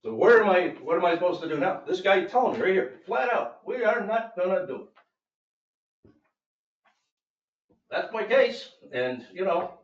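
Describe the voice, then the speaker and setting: Guy ranting at a town board meeting, kinda high voice, sounds far off in an echoey room. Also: animated, brisk, lo-fi sound. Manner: aggrieved, emphatic storytelling, voices others in quotes. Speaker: property owner speaking at public comment. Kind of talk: public comment at a board meeting.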